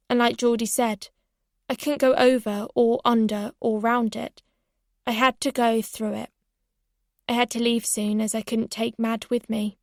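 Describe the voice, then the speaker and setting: A woman reading a first-person novel as an audiobook, in an even, reflective storytelling manner. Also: fairly high pitch, gravelly, dry recording, clean studio sound. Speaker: audiobook narrator.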